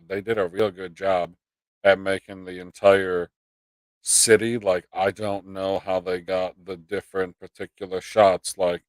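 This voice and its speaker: A man's voice: low-pitched, dry recording, rough recording. A man hosting a live pop culture stream, ranting in casual chat with swearing and mock quotes.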